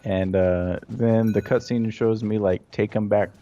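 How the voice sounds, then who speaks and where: A man's voice: fairly low pitch, steady tone, unhurried, muffled recording, very noisy. A man in casual gaming chat, telling stories animatedly and laughing a lot. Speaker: gamer and podcast co-host. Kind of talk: casual chat while playing a game.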